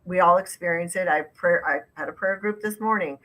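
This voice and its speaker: A woman hosting a discussion, speaking with indignant emphasis. Her voice is bright and forceful, and she lets sarcasm creep in. She sits a little low in pitch. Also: brisk, poor audio. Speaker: host. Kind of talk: casual discussion.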